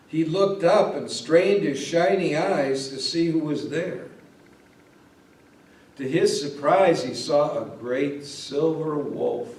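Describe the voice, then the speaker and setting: A male pastor reading a Christmas story aloud, in a slow, gentle storytelling manner. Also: a little high. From Ohio, USA. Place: church or parish hall. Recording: roomy echo, mic at a distance.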